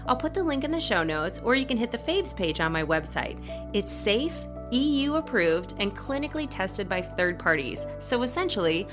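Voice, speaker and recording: A woman's voice: mid-range voice, sing-song, music in the background. A woman hosting a podcast interview, friendly and upbeat, chatting and reading her own sponsor spot. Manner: friendly, upbeat, quick affirmations. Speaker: podcast host. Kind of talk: casual interview chat.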